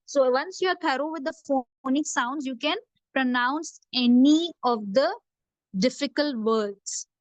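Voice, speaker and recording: In an echo-free recording, a high-voiced woman takes an unhurried pace through a phonics lesson. She repeats letter sounds over and over for young children, patient and slow in her drilling.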